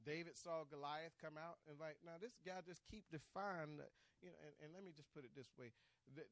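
Male preacher, bright and forceful, animated storyteller, dry close sound. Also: a little high, no echo. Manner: animated storytelling with acted dialogue, rising to near-shouts; colloquial, repeats words. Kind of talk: sermon.

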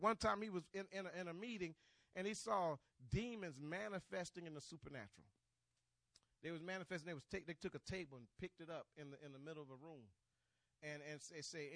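A man preaching a sermon, retelling stories in a lively, colloquial way, acting out the dialogue and often repeating his words. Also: on the high side, fast, no room sound. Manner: animated storytelling with acted dialogue, rising to near-shouts.

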